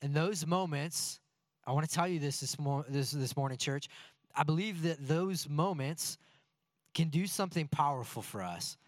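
Pastor, male, 30s; slightly higher voice, dry close sound, animated sermon delivery with rhetorical questions. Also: moderate pace, dry recording. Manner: lively storytelling with rhetorical questions.

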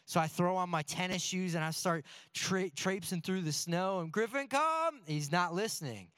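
A man's voice: high-pitched, steady tone, moderate pace, a bit bright, dry recording, studio quality. A man preaching a sermon in a loose, joking way, full of rhetorical questions. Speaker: pastor.

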